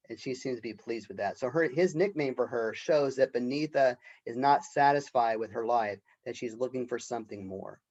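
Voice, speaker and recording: A male college professor talks through a play in an unscripted, easygoing way, full of "um" and "right?". His voice sits at a middle pitch, and the recording sounds slightly dull and lo-fi. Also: moderate pace, few pauses, a little mellow. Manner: unscripted, with fillers and rhetorical "right?"; reads character quotes with some expression. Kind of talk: lecture reading and explaining a play.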